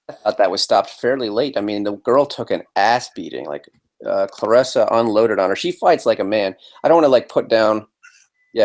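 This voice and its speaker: A man's voice: medium pitch, a little mellow. A man co-hosting a live boxing podcast, chatting casually with blunt, crude, provocative jokes. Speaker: podcast co-host.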